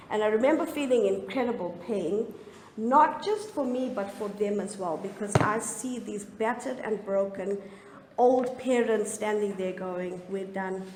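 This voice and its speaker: A middle-aged woman telling her recovery story as a personal testimony, candid and often halting with emotion. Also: mid-range voice, slight background noise. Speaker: speaker sharing a recovery story. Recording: echoey room, faint ambience.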